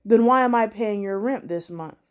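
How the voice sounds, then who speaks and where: A woman's voice: mid-range voice, normal speed, close to an everyday voice. A woman voicing a cocky young male street dealer who mocks and orders others around. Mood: mocking. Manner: cocky, mocking, bossy.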